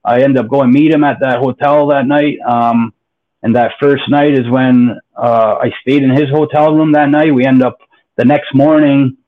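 A man's voice: medium pitch, steady tone, moderate pace. A man telling his own story as a podcast guest, candid, blunt and profane, often rambling. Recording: phone-like narrow line.

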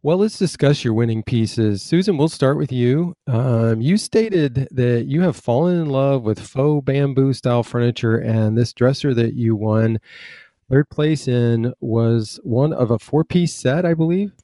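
A man hosting a casual interview, relaxed and loose, saying "like" and "you know" often. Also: medium pitch, measured pace, dry recording, studio quality. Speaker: host.

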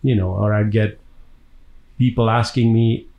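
Man, from Tanzania, actor guest, lowish voice, animated storyteller. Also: unhurried, highs cut off. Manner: lively anecdotal storyteller, laughs between stories. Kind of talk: casual interview storytelling.

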